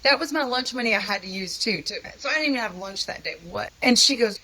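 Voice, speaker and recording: A woman's voice: mid-range voice, lively intonation, fast talker, few pauses, pushed and bright, poor audio. A woman telling her own story of a hard time in an earnest, conversational, self-deprecating way. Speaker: guest sharing a personal testimony. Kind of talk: candid personal storytelling.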